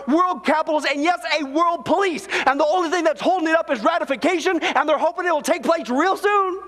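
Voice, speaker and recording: A man's voice: extremely high pitch, fairly bright tone, long reverb tail. A man preaching as a pastor, fervent and insistent, repeatedly addressing his listeners as folks. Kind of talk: preaching to camera.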